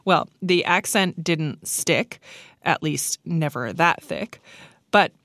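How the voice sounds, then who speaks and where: A woman hosting a radio documentary, narrating from a script in a clear, measured way. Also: low voice, animated, a bit bright, no room sound, studio quality.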